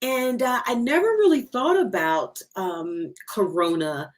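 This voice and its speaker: A woman's voice: fairly high pitch, measured pace. A woman hosting an interview, attentive and affirming as she reflects on her guest's points. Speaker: interview host. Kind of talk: conversational interview.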